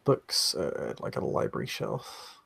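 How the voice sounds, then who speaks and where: A man narrating as game master of a tabletop game, halting and full of filler sounds. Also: a bit bright, no echo.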